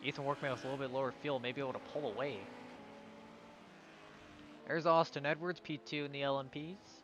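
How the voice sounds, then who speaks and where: A man's voice: mid-range voice, little pitch movement, fairly quick, slight background noise. A man giving live commentary on an online sim race, calling out positions and sometimes stumbling over drivers' names.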